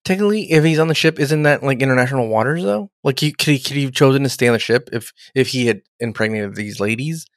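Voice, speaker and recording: A man's voice: medium pitch, lively intonation, fast, few pauses, no room sound, studio quality. A man recapping a TV episode in casual chat, rambling and swearing as he acts out the characters' voices.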